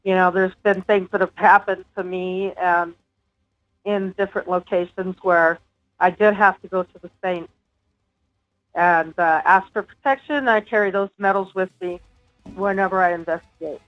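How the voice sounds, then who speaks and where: A woman's voice: lowish voice, fairly even intonation, normal speed. A woman guest telling her own paranormal experiences in an earnest, casual way, with small laughs. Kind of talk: casual interview talk. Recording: dull lo-fi remote audio with faint music.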